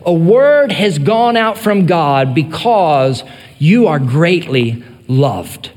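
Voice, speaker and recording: A male pastor preaching an earnest sermon, rising in emphasis and then dropping to soft, quiet phrases. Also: fairly high pitch, big pitch swings, slow, big-room sound.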